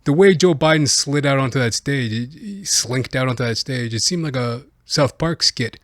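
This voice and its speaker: Animated, rambling male podcast host. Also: mid-range voice, moderate pace, hardly any pauses, no echo, studio quality. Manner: rambling, heavy on fillers. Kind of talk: comedic political commentary.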